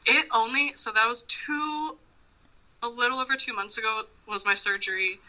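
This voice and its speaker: Woman, podcast guest, very bright tense voice, slightly high, profane and laughing, casual rambling chat. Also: normal speed, rough recording.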